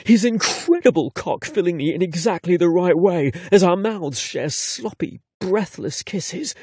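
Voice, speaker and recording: Male romance audiobook narrator: breathy, animated, bright-pitched, dry studio mic. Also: unhurried, no room sound. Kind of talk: first-person romance narration.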